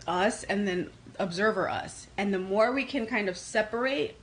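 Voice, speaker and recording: A woman from New York with a New York accent, hosting a casual tarot livestream and answering comments in a quick, energetic way. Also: mid-range voice, slight background noise, low-quality recording. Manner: fast-talking, energetic, reads comments aloud. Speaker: livestream host doing tarot readings.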